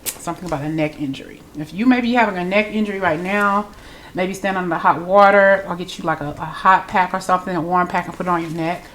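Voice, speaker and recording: A woman's voice: lowish voice, fairly even intonation, quick pace, fairly bright tone, a little hiss or hum. A woman with a congested voice, giving a chatty, loose spiritual reading straight to her viewers. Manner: chatty, loose, repeats herself. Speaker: tarot reader.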